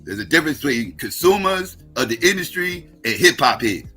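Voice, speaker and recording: Middle-aged male stream host, profane combative rant, sharp bright tone, faint music underneath. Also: medium pitch, sing-song, a little fast. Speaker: livestream host. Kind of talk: heated livestream rant.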